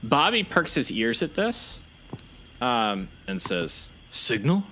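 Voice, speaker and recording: A man narrating as game master of a tabletop role-playing game, relaxed and conversational. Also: medium pitch, slow pace, slight background noise.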